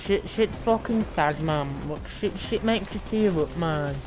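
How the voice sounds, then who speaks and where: A woman's voice: on the low side, measured pace, music in the background. A woman with an Australian accent giving casual, profane, rambling commentary while streaming a game. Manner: profane, rambling, slangy banter.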